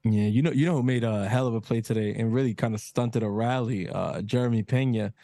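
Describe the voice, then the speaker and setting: A man's voice: lowish voice, brisk, creaky, warm tone. A man co-hosting a casual baseball watch party, bantering easily, laughing often and calling plays. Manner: laughs often, easygoing banter, play-by-play remarks.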